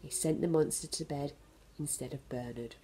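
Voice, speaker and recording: A woman at a children's centre reading a picture book aloud to young children, pausing to explain the story gently. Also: sits low, slightly rough.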